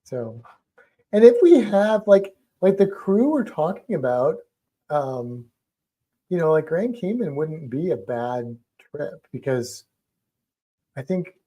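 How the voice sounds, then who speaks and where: A man's voice: a little high, sing-song, slow pace, mellow. A man co-hosting a livestream in casual chat, rambling with lots of "like" and restarts. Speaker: livestream co-host.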